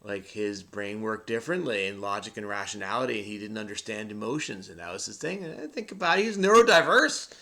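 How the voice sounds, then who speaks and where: Middle-aged man, crossword vlogger, gravelly and bright, rambling and self-mocking. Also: lowish voice, animated, brisk, few pauses. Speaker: crossword video host. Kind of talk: solving a crossword while thinking aloud.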